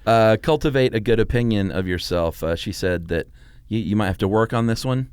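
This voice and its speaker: A man's voice: fairly low pitch, fairly quick, darkish tone, clear, resonant tone, dry recording. A middle-aged man co-hosting a podcast in easygoing casual chat, laughing often. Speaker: podcast co-host.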